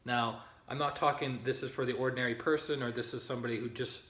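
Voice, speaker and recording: A man's voice: medium pitch, fairly even intonation, quick pace, a bit bright. A man, a spiritual teacher, giving an informal teaching to an online group, reading passages from a book, greeting viewers by name and checking in with them often. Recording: roomy echo.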